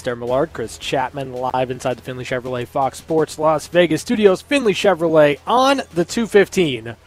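A man's voice: a little high, moderate pace, hardly any pauses. A man hosting a sports talk show, opening the show and teasing his co-hosts dryly. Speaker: radio sports show host. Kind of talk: casual studio banter.

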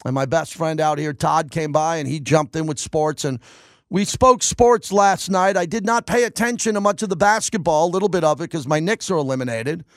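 Emphatic high-voiced sports radio host. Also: male voice, a little fast, no room sound, studio quality. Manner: emphatic, repeats himself for punch. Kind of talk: opinionated radio monologue. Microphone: studio microphone.

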